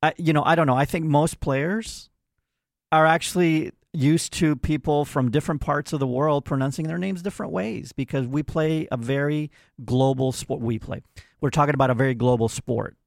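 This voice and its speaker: A man hosting a sports talk show with a gravelly, creaky voice. He weighs his opinions out loud in a measured way. The sound is dry and close. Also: on the high side, no room sound. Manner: opinionated, measured, thinks aloud. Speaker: sports radio host. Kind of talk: casual sports talk chat.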